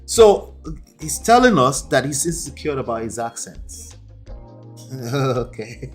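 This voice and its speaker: A man's voice: fairly high pitch, very animated, a little slow. Man, emphatic reaction commentary, repeats himself, faint background music. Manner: emphatic, repeats points, laughs often. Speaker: relationship coach, host reacting to clips.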